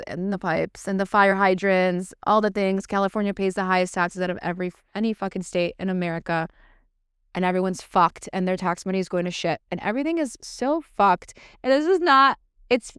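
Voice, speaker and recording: A woman's voice: mid-range voice, clear, resonant tone, dry recording, clean studio sound. A woman in her thirties hosting a solo podcast, talking in a blunt, emphatic way and swearing freely. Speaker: podcast host. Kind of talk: monologue podcast.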